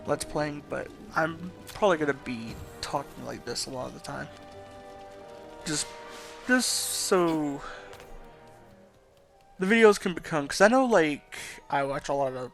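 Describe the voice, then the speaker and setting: A man giving soft-spoken, rambling let's play commentary at home at night, with game music behind. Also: mid-range voice, gravelly.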